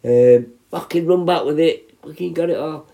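A gravelly, warm voice on the high side, at a moderate pace: a prison healthcare worker in his fifties telling casual stories. He rambles, curses and restarts many times.

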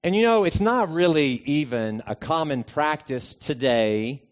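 A middle-aged man, a pastor, giving a sermon in a conversational, easygoing way, telling a personal story and pausing often. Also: on the high side, lively intonation. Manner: conversational and easygoing, with frequent pauses.

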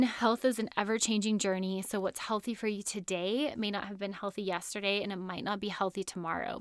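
A woman's voice: medium pitch, clean tone, no echo, clean studio sound. A woman in her thirties hosting a podcast, telling a personal story in an earnest, chatty way and laughing often. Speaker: podcast host.

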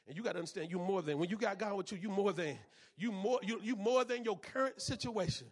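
A man preaching a sermon as pastor, repeating phrases and punctuating them with amens, swinging between hushed passages and loud ones. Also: high voice, quick pace.

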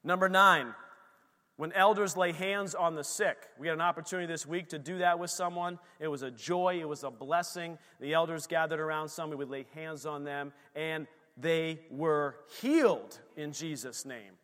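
A middle-aged male pastor preaching in a bright, forceful voice that rings out with long reverb in a large church hall. He swings from emphatic declarations to quiet, hushed storytelling, with his voice sitting a bit high for a man. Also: moderate pace. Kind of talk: sermon.

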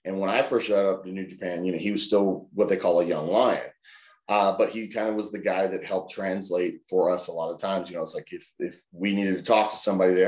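A man telling animated stories as an interview guest, acting out other people's voices. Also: low voice, brisk, reverberant. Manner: animated, acts out voices in anecdotes. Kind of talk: casual storytelling in an interview.

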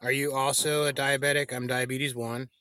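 A man calling in to a chat show, speaking politely and in a measured way. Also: medium pitch, level tone, sharp tone, clean tone. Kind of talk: casual chat.

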